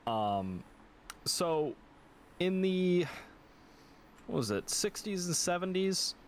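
A man's voice: high-pitched, very animated, slow pace, slight background noise. A man co-hosting a podcast in casual chat, loose and profane, full of fillers. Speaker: podcast co-host.

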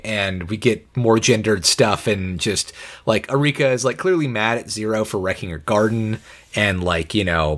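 A man with a somewhat low voice co-hosts a podcast in a loose, casual chat. He rambles through his points, filling gaps with "um" and "like" and dropping the occasional swear word. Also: fairly bright tone. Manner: rambling, with frequent fillers and swearing. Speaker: podcast co-host reviewing an anime. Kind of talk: casual conversation.

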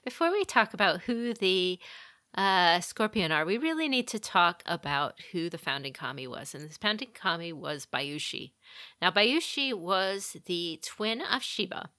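Woman on a podcast telling an old legend, slow and easygoing, bright voice, dry close sound. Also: on the low side, big pitch swings, no room sound. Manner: unhurried retelling of a legend with small restarts. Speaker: podcast co-host. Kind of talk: casual chat, storytelling.

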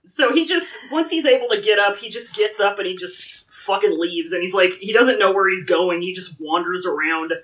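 A woman co-hosting a casual book discussion, recapping the story with a lively voice. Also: medium pitch, moderate pace, few pauses, far from the mic, low-quality recording. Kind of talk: casual book-club chat.

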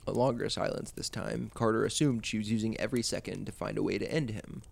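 A man hosting a podcast, narrating a suspenseful story in a measured way. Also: lowish voice, steady tone, creaky.

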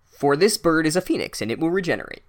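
A man's voice: a little high, wildly swooping pitch, quick pace, gravelly, full character voice. A man voicing a smug, condescending old male wizard headmaster, pompous and drawling.

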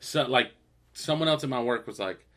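A man's voice: medium pitch, normal speed, fairly bright tone. A man co-hosting a podcast in casual chat, swearing, laughing and acting out scenes from shows. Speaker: podcast co-host.

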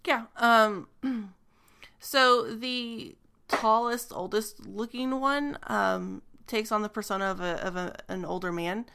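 Woman game master, gravelly smooth voice, halting scene narration. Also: a little high, bright, forceful tone. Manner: descriptive, hesitant with frequent ums.

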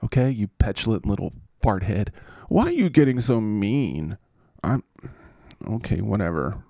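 A man's voice: fairly low pitch, normal speed, vocal fry, mellow, no echo, clean studio sound. A man playing a petulant adult quarterback who whines and sulks about being benched. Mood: sulky. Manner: whining, sulky, self-pitying.

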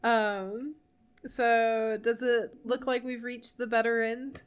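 A young woman co-hosting a podcast, rambling through an animated story full of fillers in casual chat. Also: a little high, slow, clear, resonant tone. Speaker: podcast co-host.

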